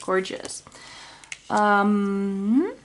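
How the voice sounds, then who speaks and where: A woman's voice: mid-range voice, very slow, slight background noise. A woman giving a casual tarot reading, dreamy and rambling with sighs. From Finland. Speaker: tarot reader.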